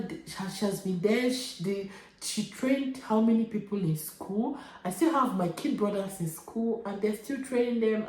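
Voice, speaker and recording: A woman's voice: mid-range voice, darkish tone. Tearful Nigerian woman vlogger, echoey room. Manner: tearful, repetitive, halting. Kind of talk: emotional personal vlog.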